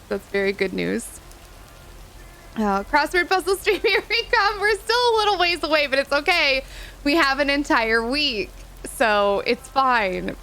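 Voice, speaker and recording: A woman streamer with a high voice talks casually to her live chat. She is gushing and giggly and says y'all often. Faint background noise sits under her voice. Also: a bit bright, low-quality recording. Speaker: livestreamer. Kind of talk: casual livestream chat thanking viewers.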